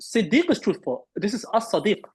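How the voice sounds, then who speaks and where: A man's voice: high voice, very animated, fairly quick, crowd noise, rough recording. A man teaching an online Arabic class, quizzing students and correcting them through repeated words.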